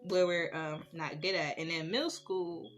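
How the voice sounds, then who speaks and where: A young woman talks casually while doing her makeup, her voice on the lower side. She chats and gets animated when she retells her stories, and soft music plays faintly behind her. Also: normal speed. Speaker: beauty vlogger.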